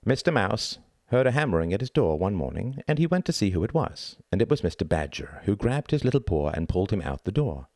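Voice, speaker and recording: Deep-voiced man narrating an audiobook. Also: dry recording, clean studio sound. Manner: measured, expressive reading.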